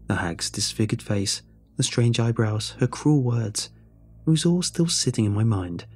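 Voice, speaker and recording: A man narrating a horror story in a measured, brooding way. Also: on the low side, a little mellow, breathy edge.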